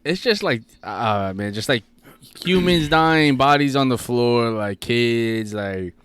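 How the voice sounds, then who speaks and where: A man co-hosting a podcast, relaxed and casual, mostly answering with short agreement. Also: medium pitch, slow pace, clean tone. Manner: laid-back, short agreeing replies. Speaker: podcast co-host.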